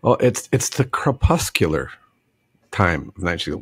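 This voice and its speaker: A middle-aged man tells a story on a casual podcast, his lowish voice rising and falling a lot as he acts out the people in it. He laughs often and slips into a put-on drawl. The sound is dry and close. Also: very animated, normal speed, husky, no room sound. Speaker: podcast co-host telling a story.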